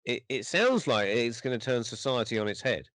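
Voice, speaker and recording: A man's voice: medium pitch, animated, moderate pace, fairly bright tone, dry recording. A male podcast host asking a guest a question in a hesitant, casual way. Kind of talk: interview.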